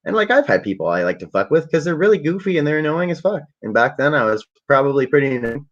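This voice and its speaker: A man's voice: on the high side, very animated, fast. Rambling, swearing man on dull lo-fi audio. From Canada. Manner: rambling, profane, laid-back. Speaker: vlogger. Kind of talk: casual storytelling to a livestream.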